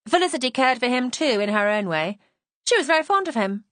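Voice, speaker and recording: A defiant, self-assured young woman, as a woman narrator puts her on, speaking frankly and a touch higher than the narration. Her answers come direct and unapologetic in a dry, close mystery-audiobook read. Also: big pitch swings, fairly quick, fairly bright tone, no echo.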